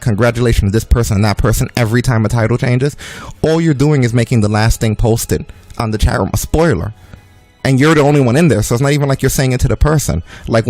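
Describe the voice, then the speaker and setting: A young man co-hosting a game stream, telling a story in an animated, profane rant. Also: mid-range voice, no echo. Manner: ranting, swears freely, animated storytelling. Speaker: streamer and co-host. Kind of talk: casual chat during a game stream.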